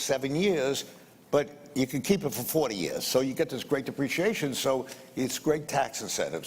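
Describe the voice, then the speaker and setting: A man's voice: medium pitch, darkish tone, husky. An older man telling a conversational business anecdote, repeating phrases and acting out the dialogue. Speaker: investor telling a story. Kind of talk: anecdotal storytelling. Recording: long hall reverb, faint ambience.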